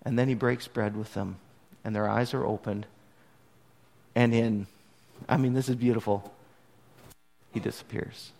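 A man preaching a sermon, retelling scripture in an animated way that swings from hushed to emphatic. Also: mid-range voice, moderate pace, creaky, long pauses, big-room sound. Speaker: pastor.

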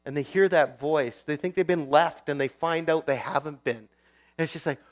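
A man's voice: on the high side, normal speed. A male pastor preaching a sermon in a conversational way, often putting questions to his listeners.

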